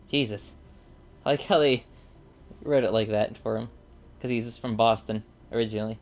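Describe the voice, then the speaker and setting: A man's voice: fairly low pitch, steady tone, normal speed, long pauses. Rambling man commenting on gameplay. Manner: rambling, chatty, many fillers. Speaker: let's play gamer.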